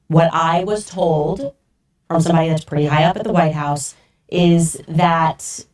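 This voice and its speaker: A woman podcaster telling a story in an animated, incredulous way, acting out the voices she quotes. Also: deep voice, unhurried, recorded from a distance. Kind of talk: storytelling monologue.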